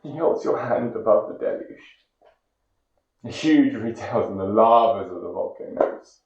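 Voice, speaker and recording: A man from Great Britain giving a dramatic poetry recitation, intense, moving between hushed whispers and loud cries. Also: on the low side, measured pace. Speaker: poetry reader. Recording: echoey, dull lo-fi recording.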